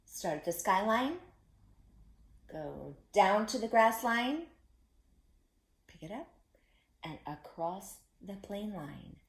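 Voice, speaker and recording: A woman teaching young children a phonics lesson, deliberate and repeating each step for them to echo. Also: medium pitch, very animated.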